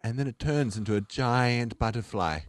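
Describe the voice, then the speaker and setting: A man's voice: medium pitch, lightly acted. A man playing a stammering pompous old pope. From New Zealand. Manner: halting, stammering, improvising. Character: elderly male pope, pompous yet flustered. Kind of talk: improvised radio comedy skit.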